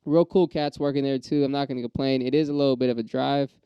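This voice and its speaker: A man's voice: medium pitch, quick pace, clear, resonant tone, no room sound, muffled recording. A man, an aspiring stand-up comic, in a casual, profane, rambling monologue that flares up and then settles. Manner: profane, rambling ranting with restarts; gets riled up then calms.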